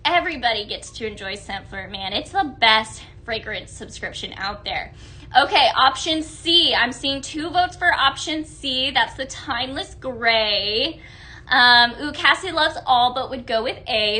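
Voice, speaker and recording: A woman's voice: a little high, unhurried, pushed and bright. A woman hosting a live shopping stream, gushing over products and reading out viewer comments in a bubbly, chatty way. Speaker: live-selling host.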